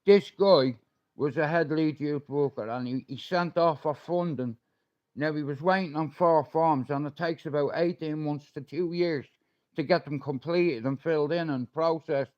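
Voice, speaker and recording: A man's voice: a little high, moderate pace, darkish tone, lo-fi sound. Swearing middle-aged Manchester man ranting. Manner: confrontational, swearing, threatening. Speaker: livestreamer. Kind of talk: ranting livestream monologue.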